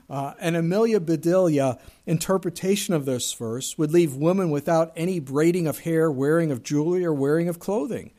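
A man's voice: a little high, dark tone. A middle-aged male pastor giving a sermon in a conversational way, with asides and bits of humor.

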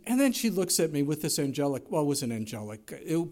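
A middle-aged man preaching a sermon, telling stories in an animated way and jumping his voice up for quoted lines. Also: a little high, brisk, few pauses. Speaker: pastor.

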